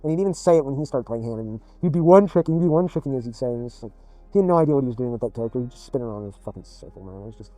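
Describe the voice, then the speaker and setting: A man's voice: mid-range voice, expressive, racing, dark tone, no room sound, faint music behind. A man telling a rambling personal story in blunt, profane, casual speech as a gaming video creator.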